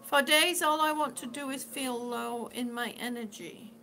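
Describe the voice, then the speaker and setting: High, slow-talking chatty woman. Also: bright, forceful tone, a little hiss or hum. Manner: rambling, reads out and answers viewers' comments. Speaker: vlogger living with lung disease. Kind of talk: casual live-stream chat.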